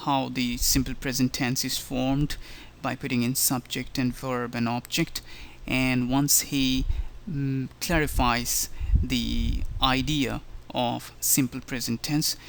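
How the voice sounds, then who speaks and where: A male language instructor talks through a slideshow presentation. His voice has a gravelly, fry-edged texture. He explains step by step and leans on the key words. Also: mid-range voice, level tone, slow pace, a bit bright, slight background noise. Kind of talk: slideshow lecture narration.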